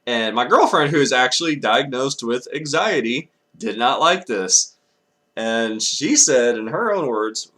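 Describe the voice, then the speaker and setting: A man's voice: medium pitch, big pitch swings, unhurried, bright, forceful tone. A young man from Texas ranting angrily in a vlog, swearing often and breaking off to apologize. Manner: angry, profane ranting with apologetic asides. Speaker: vlogger.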